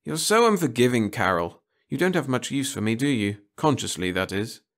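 A man's voice: medium pitch, very animated, moderate pace. A man doing a whiny hungover actor. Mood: whiny, pleading. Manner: pleading, whining. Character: handsome hungover male actor, whiny and self-pitying.

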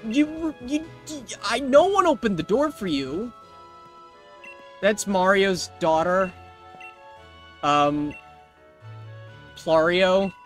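A man's voice: high voice, a bit bright. A man hosting a casual let's play, joking and rambling as he repeats himself over the game. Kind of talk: casual gameplay commentary.

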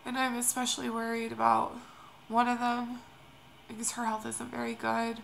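A young woman talks through her worries in a tearful, halting vlog. Her voice is strongly gravelly and sits a bit high, and she keeps her delivery soft and hesitant. A faint hiss runs under the recording. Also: completely flat delivery. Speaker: vlogger. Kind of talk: emotional personal vlog.

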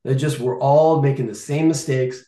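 A man's voice: medium pitch, steady tone, normal speed, dark tone, reverberant. A man in his fifties talking casually and animatedly about food, acting out shoppers' thoughts in mock voices. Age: 50s. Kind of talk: casual chat.

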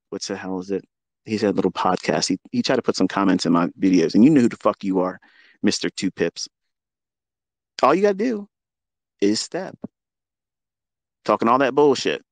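Over a remote audio call, a man with a fairly low voice hosts a live audio room, launching into a combative, taunting, profanity-heavy rant. There's no echo on the sound.

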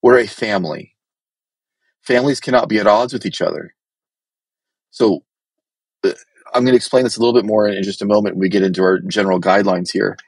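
Guy preaching bluntly, low husky voice, dry close sound. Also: fast, long pauses, no echo. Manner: blunt, direct and exhorting. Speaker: pastor. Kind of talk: sermon teaching.

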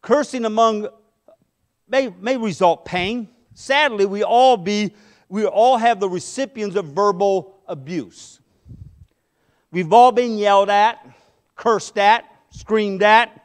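High-voiced impassioned man preaching. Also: slow pace. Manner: impassioned, swinging between loud emphasis and hushed asides. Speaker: pastor. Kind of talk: sermon.

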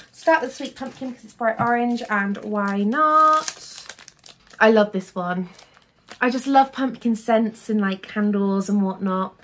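A young woman with a slightly high voice chats through a casual haul vlog. She rambles a little and leans on fillers like "so yeah". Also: a bit bright. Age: young adult. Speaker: vlogger.

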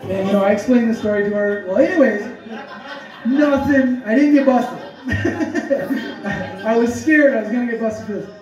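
A man telling a comic story, rambling and animated with many fillers. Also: extremely high pitch, moderate pace, pauses often. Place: storytelling event hall. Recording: echoey room, distant dull mic.

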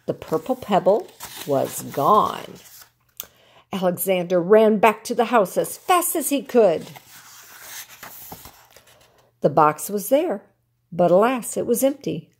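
Older woman, grandmother, storybook reading, husky voice, swooping lively pitch. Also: takes it slowly, long pauses. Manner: expressive, animated read-aloud. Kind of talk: children's picture book reading.

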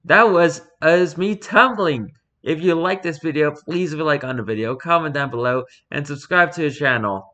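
A man's voice: on the high side, moderate pace, few pauses, bright, forceful tone. A man reading posts aloud in a rambling, jokey vlog commentary, swearing casually.

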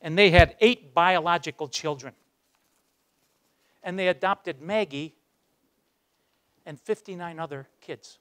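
A man giving a motivational speech, telling a story and acting out its voices, dropping low for the dramatic moments. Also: a little slow, pauses often, a bit bright, clear, resonant tone. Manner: acts out the voices in his stories, drops low for dramatic moments. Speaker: guest speaker. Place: university lecture hall.

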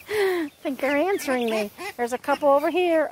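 A woman's voice: high-pitched, expressive, normal speed, a little mellow, a little hiss or hum. Chatty woman touring her homestead. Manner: chatty, coos at her animals. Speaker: homesteading vlogger. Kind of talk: casual walk-and-talk narration. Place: outdoors on a homestead with poultry.

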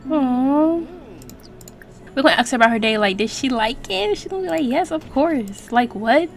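A woman's voice: high-pitched, expressive, moderate pace, gravelly. Playful young woman gamer, faint music. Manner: chatty and playful, laughs often, reads in-game text aloud; casual slang and swearing. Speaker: let's play gamer. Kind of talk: casual gameplay commentary.

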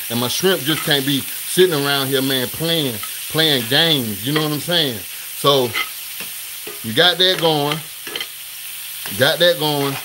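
A man hosting a live cooking stream in his home kitchen, talking straight to viewers in a hurried, repetitive way. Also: on the high side. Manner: hurried, talks straight to viewers, repeats himself. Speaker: cooking show host. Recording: sizzling pan noise behind.

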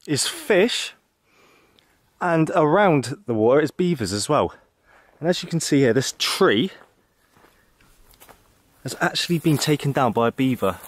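A man casually narrating a travel vlog outdoors, chatty, excitable and jokey. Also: medium pitch, no room sound. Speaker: vlogger exploring abandoned places. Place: outdoors in an abandoned zone.

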